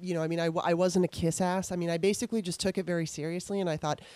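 A woman's voice: fairly low pitch, steady tone, racing, a little mellow, dry recording. A woman hosting an interview, talking earnestly and at length with many restarts as she recalls her own auditions. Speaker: podcast host. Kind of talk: casual conversational interview.

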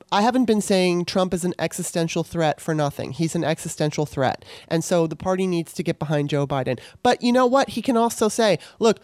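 Fairly low-pitched with a darkish tone, this woman hosts a podcast solo in a casual manner, impassioned and worked up, cursing freely. The studio-quality audio has no echo.

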